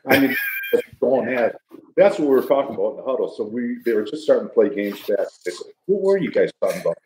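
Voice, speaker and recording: A man's voice: medium pitch, big pitch swings, quick pace, noisy background. Joking older man, echoey room. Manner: jokey, laughing storyteller. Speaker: guest, retired football player. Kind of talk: casual storytelling.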